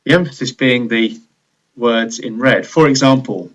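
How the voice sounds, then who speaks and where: A man narrating a scripted leadership training video in a measured, explanatory way. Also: medium pitch, rough recording.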